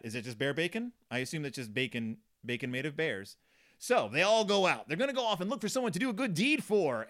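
A man's voice: a little high, a bit bright. A man giving a casual, sardonic, rambling commentary on a children's book, joking as he goes. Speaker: book reviewer.

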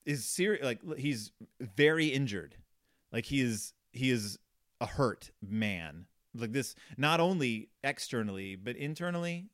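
Rambling man with a lively voice. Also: mid-range voice. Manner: rambling, filler-heavy, self-deprecating. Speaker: podcast host. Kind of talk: comedic casual recap.

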